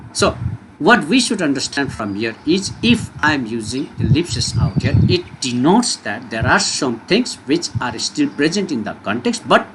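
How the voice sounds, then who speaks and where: A man teaching a lesson, explaining with an expressive delivery and frequent rhetorical questions. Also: mid-range voice. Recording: noisy recording with steady background noise.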